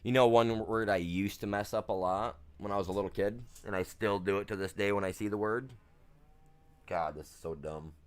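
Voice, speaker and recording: A man's voice: lowish voice, fairly quick, clear, resonant tone. A man streaming a farming game, chatting casually in a laid-back, rambling, slangy way. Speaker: gaming streamer. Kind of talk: casual chat while gaming.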